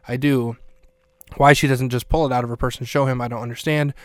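A man hosting a podcast, recapping a scene in a casual way with wry, deadpan asides. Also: mid-range voice, racing, no room sound. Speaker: podcast host.

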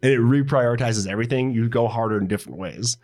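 A man co-hosting a casual sports podcast, his voice sitting at an ordinary middle pitch. He rambles through his points with plenty of fillers and often breaks into laughter. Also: quick pace, a little mellow. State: new father. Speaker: podcast co-host.

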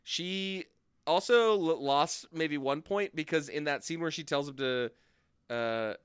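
A man's voice: fairly high pitch, unhurried, smooth, no room sound, studio quality. A man co-hosting a podcast in casual comedic chat, laughing often and swearing freely. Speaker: podcast co-host.

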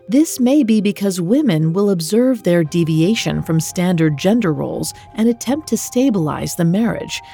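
A woman reading a scripted true-crime podcast narration in a measured, even delivery. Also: fairly low pitch, creaky.

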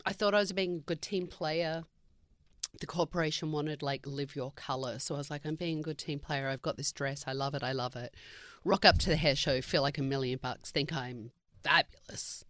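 A woman's voice: low-pitched, fairly even intonation, moderate pace, fairly bright tone, no room sound. A woman, a guest coach on a talk show, chatting in a sardonic way and laughing often. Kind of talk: casual chat.

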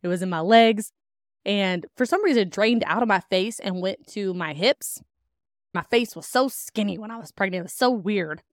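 A woman's voice: mid-range voice, normal speed, dry recording, clean studio sound. A young woman hosting a podcast, talking candidly about her own life in a chatty way, with lots of "like" fillers and laughs. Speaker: podcast host. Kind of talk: personal storytelling to listeners.

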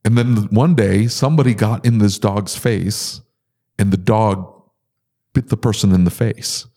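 A man's voice: fairly low pitch, a little slow, dark tone. A man telling stories in a casual podcast chat, ranting with exasperation and big jumps in his voice.

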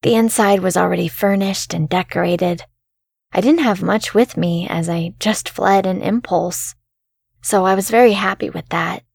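A woman reading a first-person horror story in a calm, measured way as the show's narrator. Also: medium pitch, creaky, husky, no echo, clean studio sound.

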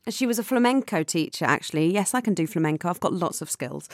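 A woman co-hosting a podcast in casual chat, upbeat and quick to laugh. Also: lowish voice, expressive, no room sound, clean studio sound. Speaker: podcast co-host.

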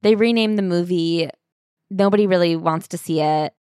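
A woman's voice: lowish voice, normal speed, a little mellow, clean tone, no echo, studio quality. A woman co-hosting a casual book-review chat, talking in a loose, chatty way with lots of "like". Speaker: podcast co-host.

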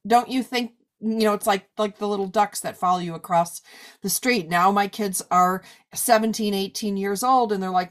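Talky woman host in her 40s, mid pitch, lots of like and you know. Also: normal speed. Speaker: podcast host. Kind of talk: casual interview chat.

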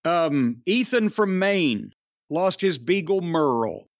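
A man with a fairly high, animated voice reads listener tributes on a podcast, wry and offhand, tripping over a name now and then. The recording is dry and close, with a slightly dull, lo-fi tone. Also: takes it slowly, no room sound. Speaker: podcast co-host. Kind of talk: casual podcast chat, reading listener tributes.

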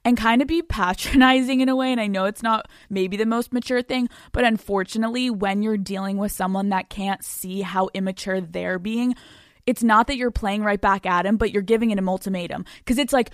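A young woman hosts her own podcast, talking brashly and swearing freely as she gives advice and reads out listener letters. Her voice sits at a middle pitch and comes across close and dry, with no room sound around it. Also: brisk, no room sound. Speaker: podcast host. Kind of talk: solo podcast advice talk.

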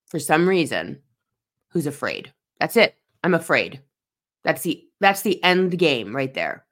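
A woman's voice: deep voice, a bit bright. A woman in her forties, speaking as a podcast host in an earnest, personal monologue that leans on emphatic repetition. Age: 40s.

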